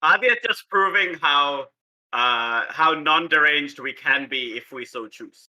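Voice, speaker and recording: A man's voice: fairly high pitch, measured pace, bright, forceful tone, poor audio. A man player joking and teasing in casual banter. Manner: teasing, laughing.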